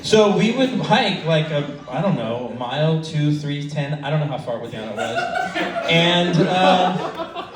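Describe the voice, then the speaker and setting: A man's voice: a little high, lively intonation, unhurried. A middle-aged man doing a stand-up comedy set at an open mic, telling crude stories in a rambling way with lots of fillers. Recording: echoey club from a distance. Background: audience laughter.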